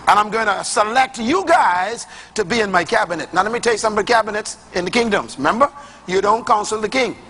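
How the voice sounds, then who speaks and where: A man's voice: sits high, lively intonation, quick pace, sharp tone, a little hiss or hum. A man preaching a sermon to a congregation, emphatic and rhythmic in his delivery and loose and colloquial in his phrasing.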